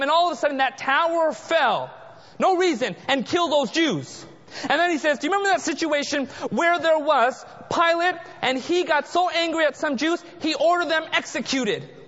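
A man preaching a sermon as pastor, dramatic, dropping to a hush for emphasis. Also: very high-pitched. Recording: muffled sound in a large reverberant hall.

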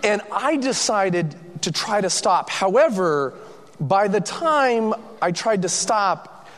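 A man telling a lively, self-mocking personal story to an audience, acting out the voices of the people in it. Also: high-pitched, takes it slowly, big-room sound.

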